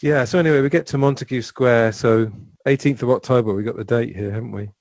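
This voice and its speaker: A man's voice: medium pitch, quick pace, crowd noise, noisy background. A man hosting a podcast, chatting casually and hedging his points as he reviews a book. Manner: discursive, hedging with "I mean" and "I think". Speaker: podcast host.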